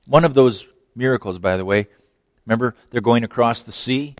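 A man's voice: mid-range voice, moderate pace, a little mellow, no room sound. A male preacher delivers a sermon in a passionate, emphatic voice. He piles up rhetorical questions and repeats words as he drives each point home. The sound is close and dry.

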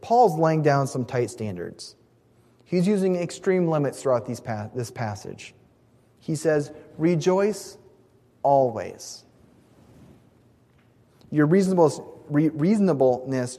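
This preacher's voice is slightly high with a dark tone. He speaks with earnest emphasis, stressing important words and sometimes restarting phrases mid-sermon, all inside a long, echoing hall reverb.

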